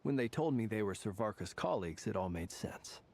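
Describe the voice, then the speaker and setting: A man voicing a courteous game character, speaking in a formal, measured way. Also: lowish voice, lively intonation, vocal fry, a little mellow. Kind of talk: game voice acting.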